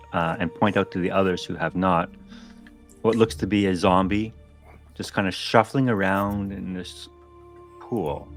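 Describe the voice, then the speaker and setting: Man, low voice, game master, relaxed narration with fillers, faint music behind.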